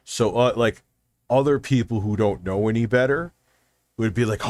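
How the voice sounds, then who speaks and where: A man's voice: medium pitch, measured pace, no echo. Profane ranting streamer guy. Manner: profane, heated, acts out phone calls. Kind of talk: casual stream chat, ranting story.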